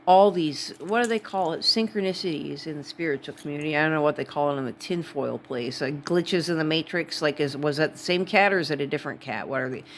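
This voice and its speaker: A woman's voice: sits low, quick pace, few pauses, slight background noise. A woman from Wisconsin with a Wisconsin accent, talking to camera in a rambling, digressive vlog. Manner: rambling, digressive, full of asides. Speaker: vlogger. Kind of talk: casual rambling monologue.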